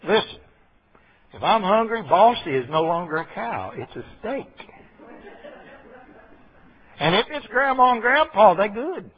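A man's voice: high voice, sing-song, measured pace, pauses often, slightly rough. A man preaching a folksy sermon, full of rambling asides and checks with his listeners. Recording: dull lo-fi recording.

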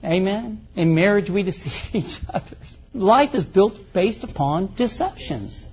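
A man's voice: sits high, animated, unhurried, slightly rough. A middle-aged male pastor preaching a folksy, conversational sermon full of rhetorical questions. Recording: muffled lo-fi recording.

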